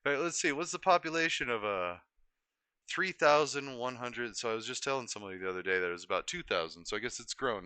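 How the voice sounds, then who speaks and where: A man's voice: on the low side, sharp tone, dry recording. A young man from Colorado chatting casually on a live stream, rambling and easily sidetracked as he corrects himself. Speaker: livestreamer.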